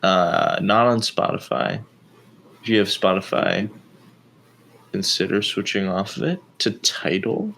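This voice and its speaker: A man co-hosting a casual film podcast, laid-back and chiming in with quick remarks. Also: deep voice, vocal fry, a bit bright, a little hiss or hum. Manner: slow, laid-back, interjecting. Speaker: podcast co-host, band member. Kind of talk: casual chat.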